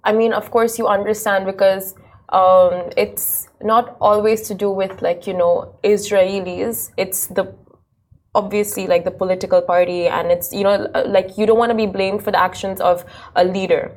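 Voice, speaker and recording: A woman's voice: medium pitch, level tone, brisk. A woman interviewing a guest, hesitant and full of fillers. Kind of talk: interview questions.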